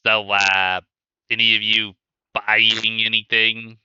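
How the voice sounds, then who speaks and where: Man doing a gruff little goblin barkeep. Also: lowish voice, flat delivery, slow, pushed and bright, no echo, dull audio, exaggerated voice. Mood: grumpy. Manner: blustering, threatening.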